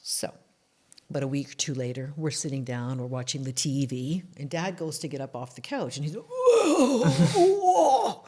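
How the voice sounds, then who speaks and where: A woman from Canada, talking in a casual interview as an author and guest, telling animated stories and acting out the voices of the people in them. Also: extremely low pitch, a little fast. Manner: animated storyteller who acts out quoted voices.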